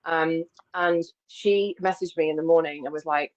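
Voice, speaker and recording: A woman speaking as an interview guest, telling personal stories openly with lively self-corrections. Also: deep voice, normal speed, hardly any pauses. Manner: open, animated, frequent self-corrections and laughs. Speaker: guest, embodiment coach. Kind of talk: candid conversational storytelling. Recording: slightly dull, lo-fi audio.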